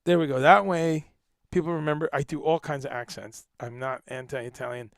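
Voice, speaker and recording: A man hosting a casual livestream chat, animated and joking, who swears casually and greets viewers by name. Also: a little high, normal speed, gravelly, dry recording, clean studio sound. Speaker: livestream host.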